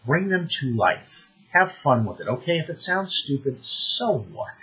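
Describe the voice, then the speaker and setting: Brief: male game master with a raspy, bright voice, chatty and animated, on a dull lo-fi recording. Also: medium pitch, unhurried. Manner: animated, conversational, many restarts. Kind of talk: advice talk to the camera.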